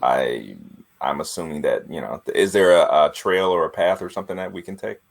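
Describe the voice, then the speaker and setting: A man's voice: low-pitched, a little fast, gravelly, a little hiss or hum. A man playing a tabletop game, hesitant and agreeable with many fillers. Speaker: player. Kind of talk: casual game chat.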